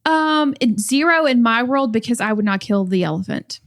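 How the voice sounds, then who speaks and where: A woman's voice: a little high, lively intonation, normal speed. A woman talking casually as a podcast guest, full of "like" fillers. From United States. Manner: chatty, many "like" fillers. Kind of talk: casual chat.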